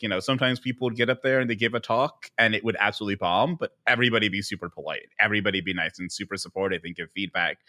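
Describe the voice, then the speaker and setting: A man co-hosting a podcast, chatting casually and telling rambling, animated stories with lots of fillers. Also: fairly low pitch. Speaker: podcast co-host. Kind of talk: casual panel chat.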